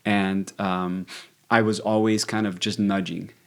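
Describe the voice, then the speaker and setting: A man talking as a podcast guest, telling a story in a relaxed, conversational way with frequent fillers and restarts. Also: on the low side, unhurried, vocal fry. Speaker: podcast guest, exercise physiologist.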